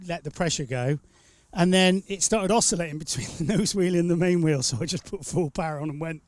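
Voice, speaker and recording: A high-pitched man hosts a casual live stream, a teasing storyteller who rambles on. The sound is dry and close, with no room to it. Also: a little fast, no room sound. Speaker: stream host. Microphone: studio mic.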